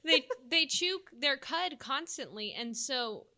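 A Texan woman co-hosts a relaxed chat about weather, her voice bright and sitting a touch high. She talks in a folksy, easygoing way and laughs easily. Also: slow. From Texas.

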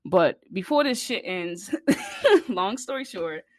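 A woman telling a personal story to her viewers in a casual way, blunt and profane, getting louder and higher when she gets heated. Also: a little slow, dry recording, clean studio sound. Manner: blunt, profane and animated, rising in pitch and volume when heated. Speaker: vlogger.

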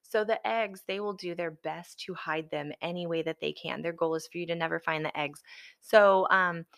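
A woman's voice: on the low side, fairly even intonation, moderate pace, gravelly, a bit bright. A woman from Alabama and Florida, a guest chatting easily and telling stories with frequent fillers. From Alabama and Florida, US South. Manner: easygoing, storytelling, frequent fillers. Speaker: guest homesteader. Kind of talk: casual conversation.

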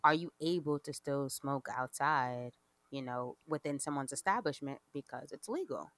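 A woman's voice: a bass voice, expressive, normal speed, fairly bright tone, dry recording. A woman co-hosting a podcast, chatting in an upbeat, easygoing way. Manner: upbeat, chatty, laughs easily. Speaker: podcast co-host. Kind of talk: casual chat.

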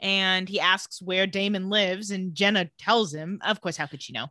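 A woman's voice: mid-range voice, moderate pace, dry recording, clean studio sound. A woman co-hosting a casual chat, retelling a TV episode and acting out the characters' lines with gusto. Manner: animated storyteller, acts out characters' lines.

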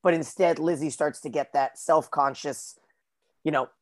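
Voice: medium pitch, steady tone, normal speed. A podcast co-host recapping a TV episode in loose, casual chat, peppered with filler words.

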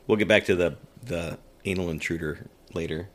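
A man in casual chat, teasing his co-host and chiming in with quick jokes. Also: sits low, fairly bright tone. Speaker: podcast co-host.

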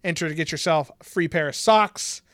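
A man's voice: fairly high pitch, a little fast, fairly bright tone, dry recording. A young man co-hosting a podcast in casual chat, laid-back and jokey, laughing often. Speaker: podcast co-host.

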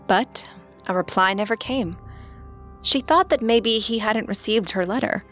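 A woman with a mid-range voice narrates a true-crime podcast from a script. Her delivery is steady and even, like a storyteller, with faint music underneath. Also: medium pitch, measured pace.

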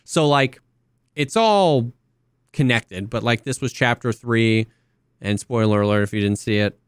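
Smooth-voiced man, laid-back podcast chat. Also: mid-range voice, a little slow, dry recording, clean studio sound. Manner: relaxed, rambling, many restarts and fillers. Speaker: podcast co-host. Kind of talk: casual chat.

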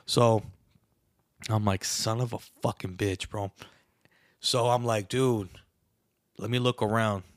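Young guy on a podcast telling a wild story, swears a lot, says bro every line, low voice, dry mic. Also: slow pace, pauses often, no echo. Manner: animated, profane, says bro constantly. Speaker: podcast co-host. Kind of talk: casual storytelling chat.

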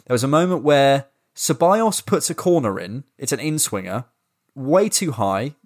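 A man's voice: medium pitch, normal speed. A man co-hosting a football podcast in loose, casual talk. His voice sits mid-range and flares up as he rants, full of swearing and restarts. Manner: animated, swearing, ranting, restarts. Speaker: podcast co-host.

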